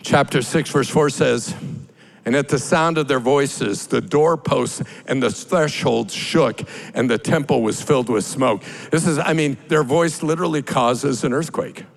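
A man preaching a sermon as pastor, building from plain explanation to loud, drawn-out cries. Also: mid-range voice, creaky, rough recording.

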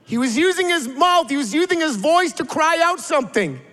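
A man in his forties preaching a sermon, telling stories in an animated way and building to emphatic calls. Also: very high voice, moderate pace, in a large hall. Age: 40s. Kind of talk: sermon with storytelling.

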